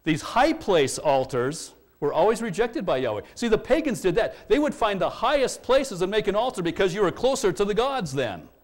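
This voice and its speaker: A man preaching from the pulpit, walking through scripture verse by verse. His voice sits fairly high and swings widely in pitch. He rises sharply when he acts out the quoted lines. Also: normal speed, few pauses. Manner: expository preaching, animated when quoting scripture. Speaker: pastor. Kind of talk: sermon.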